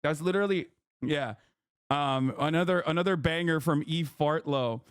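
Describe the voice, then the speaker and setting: A man streaming live, reacting with loud, mocking, animated rants. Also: fairly high pitch, moderate pace, clear, resonant tone, no echo, clean studio sound.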